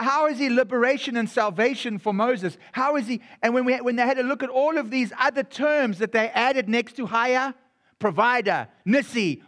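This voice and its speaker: A man's voice: high voice, fairly bright tone. A man preaching a sermon, earnest and repetitive, often checking if he's making sense.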